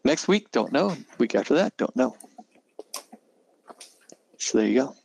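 A man hosting a programming webinar, joking with deadpan banter and running through the house rules. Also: medium pitch, measured pace, gravelly, a little hiss or hum, low-quality recording. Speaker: host of a programming webinar show. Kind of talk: casual chat, reading house rules.

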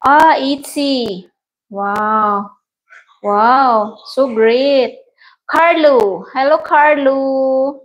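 A woman's voice: sits high, drawn-out words, low-quality recording. A Filipino woman hosting a casual livestream, chatting, laughing often and greeting viewers by name. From Philippines. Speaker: livestream host. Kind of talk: casual livestream chat reading viewer comments.

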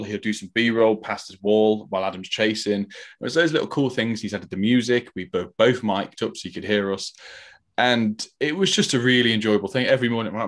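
Low-voiced chatty man. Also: a little fast. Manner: chatty storytelling, quoting himself. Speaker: podcast co-host. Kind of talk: casual podcast chat.

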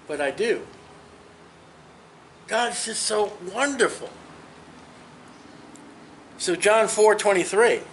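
A man in his fifties leads a Bible study in a high, earnest voice, preaching conversationally and with emphasis. He speaks to his listeners personally and directly. Faint noise sits under the recording. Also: a bit bright, rough recording.

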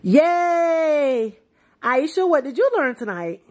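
A woman in her forties chatting casually to her vlog camera and hosting a video call, thinking out loud as she goes. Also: on the high side, animated, normal speed, reverberant. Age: 40s. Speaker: vlogger and video call host.

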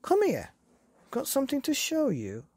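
A fond but firm old grandmother from a bedtime storybook, as a woman puts her on, speaking well above her own voice. The tone is husky and gravelly, dark and mellow. The recording is close and dry. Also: high voice, wildly swooping pitch, normal speed, no echo, voice pushed up, heavily acted. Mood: fond, earnest.

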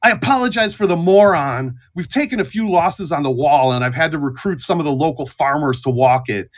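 A man voicing a stern, gruff male gatekeeper who lays down the rules. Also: on the high side, fairly quick, muffled recording, pitched above the performer's own voice, lightly acted. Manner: stern, warning, formal.

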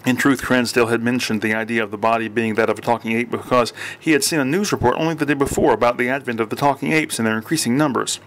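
A man narrating an audiobook with steady reading and occasional slips and restarts. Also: medium pitch, fast talker, hardly any pauses.

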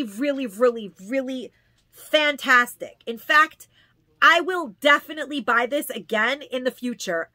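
This haul vlogger from New York has a high, sharp-toned voice on a dry recording. She talks casually through her products, gushing over them and doubling up words to stress them.

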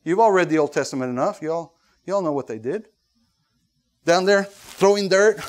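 A man with a high-pitched voice preaches a sermon to his congregation. He talks in an animated way, breaking into little acted-out voices, and often restarts his sentences with fillers. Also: moderate pace, long pauses. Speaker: pastor.

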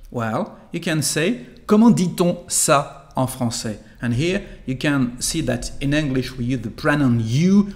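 Tutor man explaining phrases. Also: a little high. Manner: clear, deliberate explanation with repeated model phrases. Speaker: online French tutor. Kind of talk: language lesson.

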